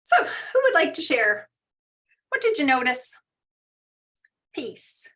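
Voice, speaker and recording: A woman teaching mindfulness in an online session, guiding a meditation and then reading out and answering participants' shares in a soft, slow, soothing way. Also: high voice, very animated. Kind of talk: guided meditation and parent info session. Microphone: online video call.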